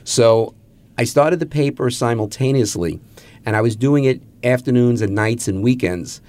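A Queens, New York man in his seventies, a magazine publisher, tells wry anecdotes during a radio interview and acts out the quotes. His voice is medium-pitched and darkish, at a normal speed.

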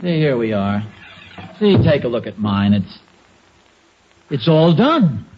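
A man's voice: mid-range voice, very animated, slow, background noise. A man acting a sheepish, stammering husband in a 1940s radio sitcom, muffled old recording.

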